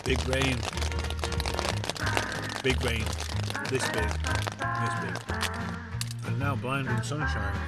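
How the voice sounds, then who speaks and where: A man's voice: medium pitch, fairly even intonation, slow, pauses often, rough recording. A young man filming a camping vlog, laughing at his own mishaps. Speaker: hiking vlogger. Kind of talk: casual outdoor vlog. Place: campsite outdoors and in a tent. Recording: music playing under the voice.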